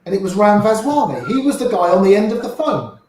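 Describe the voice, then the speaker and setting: An older man, an interview guest, telling lively anecdotes and acting out the voices of the people in them. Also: sits high, fast talker, very echoey, a little hiss or hum, rough recording. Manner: lively raconteur, acts out quoted voices. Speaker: interview guest, poker player. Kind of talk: anecdotal storytelling.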